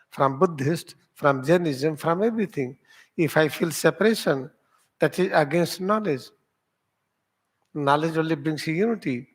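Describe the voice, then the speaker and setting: A man with an Indian accent, a meditation teacher whose first language is Hindi, teaching at an ashram in slow, deliberate, simple English. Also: a little high. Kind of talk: spiritual teaching talk.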